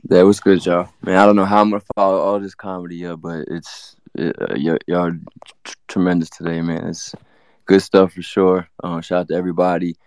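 Deep flat voice guy on a sports pod, smooth, dry sound. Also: a little fast, no room sound. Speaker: podcast co-host. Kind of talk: casual sports podcast chat.

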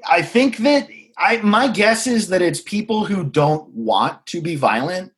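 A man with a voice on the higher side speaks candidly in conversation. He tells a personal story in a frank, reflective way, dropping swear words freely and halting to find his words. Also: expressive, fairly bright tone.

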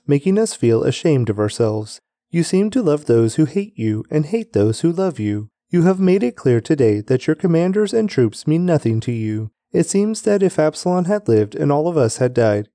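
A man reading the lines of a blunt army commander rebuking his king, in his own mellow voice. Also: a little high, dry recording.

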